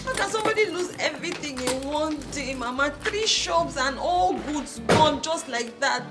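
A woman's voice: high-pitched, animated, normal speed, over loud music. An actress with a Nigerian accent playing a young woman in a film drama who wails and pleads with her father. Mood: lamenting. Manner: wailing, pleading. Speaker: grieving daughter. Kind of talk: Nollywood film acting.

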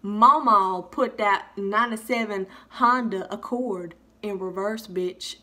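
A young woman vlogger telling a funny storytime, animated and freely swearing. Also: medium pitch, slow pace. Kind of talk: storytime vlog.

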